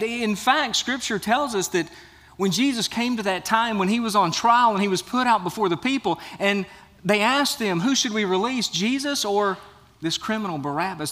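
A male pastor delivers a sermon with an earnest, searching manner, often stumbling over and repeating words as he builds each point. His voice sits noticeably high for a man. It carries a long reverberant tail, as if it is filling a church hall. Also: fairly bright tone. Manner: earnest preaching with frequent restarts and repeated words. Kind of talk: sermon with scripture reading.

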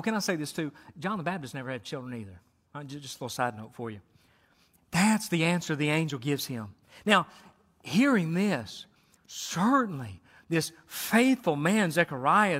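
A man preaching a sermon in a lively, conversational way, acting out the quoted lines. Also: high-pitched. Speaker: pastor. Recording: long hall reverb.

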